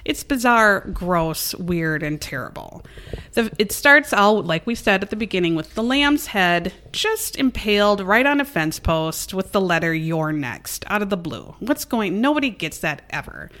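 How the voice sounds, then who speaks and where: A woman hosting a casual true-crime chat, telling the story in an animated way with frequent giggles. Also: mid-range voice, unhurried. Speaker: podcast host.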